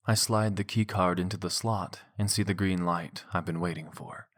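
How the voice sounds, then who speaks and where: Deep-voiced male audiobook narrator. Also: steady tone, normal speed, few pauses. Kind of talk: scripted narration of a romance novel.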